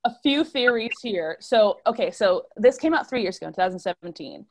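A woman hosting a podcast in casual chat, giggly and eager, explaining things quickly. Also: medium pitch, lively intonation, background noise. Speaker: podcast host.

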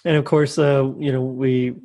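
A man's voice: mid-range voice, level tone, moderate pace, warm tone. A man in casual chat who rambles with many "you know" fillers.

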